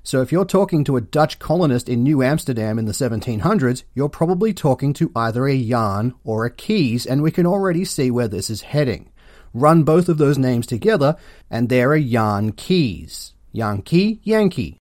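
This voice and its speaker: Deadpan, sarcastic Australian man. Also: mid-range voice, dry recording, studio quality. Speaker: podcast host. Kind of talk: comedic history monologue.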